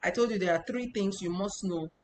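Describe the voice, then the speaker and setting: A woman's voice: mid-range voice, brisk, slight background noise, rough recording. A woman from Nigeria, teaching an informal lesson and talking each point through step by step, often repeating herself. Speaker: language teacher.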